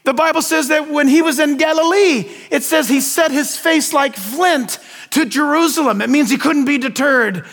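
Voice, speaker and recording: High-voiced older preacher in an echoing hall. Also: male voice, moderate pace, a bit bright. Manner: preachy, questioning the congregation, folksy asides. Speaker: pastor. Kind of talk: sermon.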